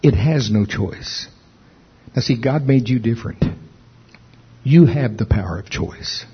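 A man preaching a sermon with emphatic delivery, rising in pitch when stirred. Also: animated, a little slow, dull audio, a little hiss or hum. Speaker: pastor.

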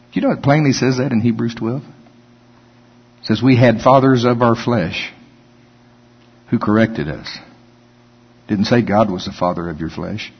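Husky preacher in a reverberant hall. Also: male voice, mid-range voice. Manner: conversational, joking, acts out whiny voices. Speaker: pastor. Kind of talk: sermon. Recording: dull sound with long hall reverb.

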